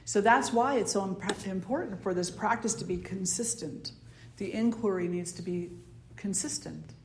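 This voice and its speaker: Soft-spoken woman teacher with a Jersey accent. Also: mid-range voice, moderate pace, a little hiss or hum. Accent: New Jersey. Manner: conversational, soft-spoken, plays the ego in quoted asides. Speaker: spiritual teacher. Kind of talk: dharma talk to a circle. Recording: roomy echo.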